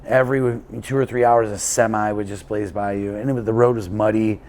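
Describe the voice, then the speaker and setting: A man's voice: on the low side, fairly even intonation, brisk, darkish tone. A man being interviewed as an endurance cyclist, telling a long story in a casual, rambling way with plenty of fillers and restarts.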